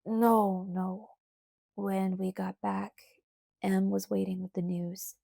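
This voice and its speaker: A woman reading the lines of a young man in an audiobook, worried and angry, speaking low and urgently. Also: level tone, takes it slowly, creaky, warm tone, no room sound, studio quality, exaggerated voice.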